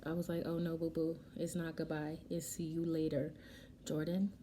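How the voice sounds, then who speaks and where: Woman, young adult, very mellow dark tone, lowish voice, casual storytime, faint room hiss. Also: normal speed. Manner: emotional, animated retelling with quoted dialogue. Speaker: vlogger. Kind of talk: casual storytelling while doing makeup. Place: home, getting ready.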